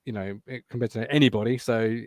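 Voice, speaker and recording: A man hosting a casual football podcast, reading out listener comments and teasing his co-hosts in an animated way. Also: fairly low pitch, a little fast, crowd noise. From England. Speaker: podcast host.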